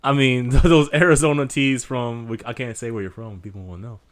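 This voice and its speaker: A man's voice: medium pitch, fairly even intonation, fairly quick. A man co-hosting a casual podcast chat, teasing his partner and laughing, with plenty of swearing. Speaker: podcast co-host.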